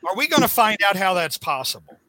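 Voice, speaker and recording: A man hosting a casual comic book talk, sarcastic and mocking, often breaking into loud shouted impressions of characters. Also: sits high, big pitch swings, quick pace, a little hiss or hum. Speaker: comic book podcast host. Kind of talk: casual comic review chat.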